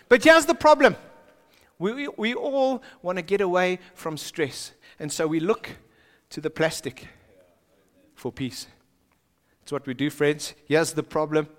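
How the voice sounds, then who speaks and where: South African male pastor with a high-pitched voice, dramatic delivery, recorded in a large reverberant church hall. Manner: dramatic, swings from hushed to shouting. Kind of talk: sermon. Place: church auditorium.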